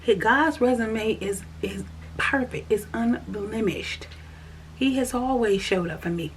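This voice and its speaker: A woman giving a casual spoken faith check-in, earnest and repetitive, sometimes dropping to a soft whisper. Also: fairly high pitch, measured pace. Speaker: vlogger sharing a faith check-in. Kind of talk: casual spoken testimony to camera. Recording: faint background noise.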